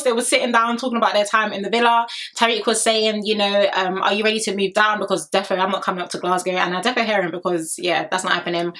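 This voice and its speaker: Woman vlogger, young, chatty recap host, crisp bright tone, quick opinions and laughs. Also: mid-range voice, fairly even intonation. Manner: gossipy, opinionated, laughs a lot.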